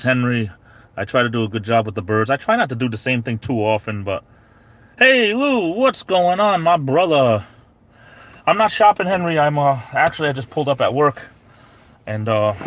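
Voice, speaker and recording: A man hosting a casual live stream from his parked SUV, rambling on and greeting viewers by name. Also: mid-range voice. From New England.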